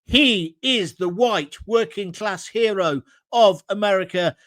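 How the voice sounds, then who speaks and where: A middle-aged man with a British accent hosts a live opinion show, blunt and combative as he works through viewer comments. His voice sits high for a man. The sound is dry, with no room echo. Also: slow pace, a bit bright. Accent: British English. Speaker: host.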